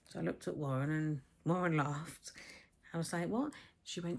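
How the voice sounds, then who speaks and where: A woman's voice: deep voice, fairly even intonation, moderate pace, vocal fry. A woman in her fifties, talking casually to a camera on a tripod at home, blunt and frank, swearing freely and acting out conversations. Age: 50s. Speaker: vlogger. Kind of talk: casual chatty vlog. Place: home, with a dog barking next door.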